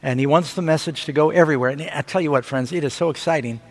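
A man preaching a sermon, telling stories with rising excitement and asking the audience for amens. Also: on the high side, fast talker. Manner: animated storytelling preacher. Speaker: pastor. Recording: long hall reverb.

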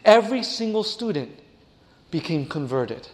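Brief: male preacher, storytelling sermon, dramatic hushed drops, high voice, big hall reverb. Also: very animated, a little slow. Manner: dramatic, drops to a hush, addresses listeners as "friends".

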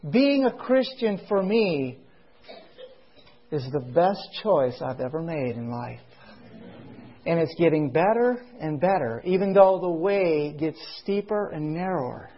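A male preacher delivers a sermon at an unhurried pace, stretching his key words for emphasis. His voice sits high and sounds slightly husky. He keeps turning to his listeners with rhetorical questions, heard through a muffled, lo-fi recording. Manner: asks the audience rhetorical questions. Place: meeting hall with a congregation. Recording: dull lo-fi recording.

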